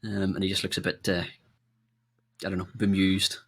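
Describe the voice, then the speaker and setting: Low-voiced man running a tabletop game. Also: completely flat delivery, a little hiss or hum. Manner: halting, searching for words while describing. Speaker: game master.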